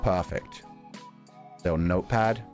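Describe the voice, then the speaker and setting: A man's voice: low-pitched, darkish tone, soft background music. A young adult man streaming a game, chatting casually, joking around and laughing often. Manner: joking, rambling, quick to laugh.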